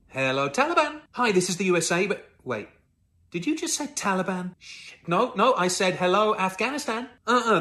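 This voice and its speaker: A woman's voice: mid-range voice, fairly bright tone. A woman acting out a comic phone-call sketch, switching between mock voices and sounding exasperated.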